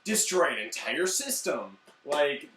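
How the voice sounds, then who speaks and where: A man's voice: fairly high pitch, very animated, slow, pushed and bright, echoey room, recorded from a distance, faint music behind. A man co-reviewing a movie in casual chat, hesitant and questioning, often trailing off.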